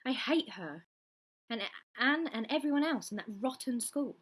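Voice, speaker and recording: A woman voicing a hurt, defiant teenage girl with sharp, wounded retorts, in a storybook reading. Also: a little high, lively intonation, unhurried, breathy edge, voice pushed up.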